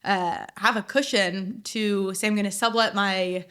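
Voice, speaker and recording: A woman's voice: medium pitch, fairly even intonation, measured pace, fairly bright tone, clear, resonant tone. Chatty young woman telling a story. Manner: chatty storyteller, heavy use of "like", laughs often. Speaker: guest chef. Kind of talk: casual podcast interview.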